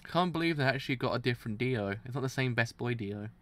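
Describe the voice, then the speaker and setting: Man, live manga reaction streamer, excitable, bright tense voice. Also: medium pitch, fast talker. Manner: excitable, exclaiming in disbelief.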